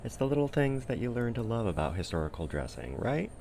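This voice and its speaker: A man's voice: medium pitch, big pitch swings, fast talker, vocal fry, dark tone, a little hiss or hum. A man vlogging as he sews and puts on historical Korean clothing, chatting casually with self-deprecating humor. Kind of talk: casual chat to camera.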